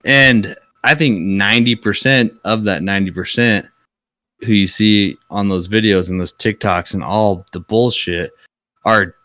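Deep-voiced man ranting bluntly. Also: a little slow, bright, forceful tone, dry recording. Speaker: podcast co-host. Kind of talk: casual chat.

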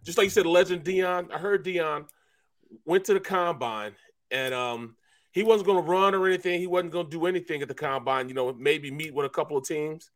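A man co-hosting a sports talk show, a former player telling animated locker-room stories in casual chat. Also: a little high, a little fast. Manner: animated storyteller, acts out voices. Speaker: co-host, former NFL player. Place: podcast studio.

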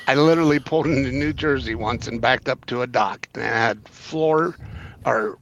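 Male co-host, trucker; bright, sharp tone, animated. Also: medium pitch, moderate pace, a little hiss or hum. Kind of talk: casual chat.

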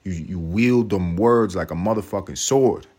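A man's voice: sits low, moderate pace, darkish tone, slightly rough. A man, from Harlem, hosting a podcast with a brash, profane, rambling comic monologue. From Harlem, New York. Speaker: podcast host. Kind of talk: comedic monologue.

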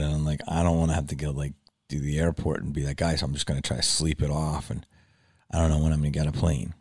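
A man hosting a solo podcast, telling a story in casual chat, animated and swearing freely as he acts out his own reactions, heard on a lower-quality backup recording. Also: brisk. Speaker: podcast host.

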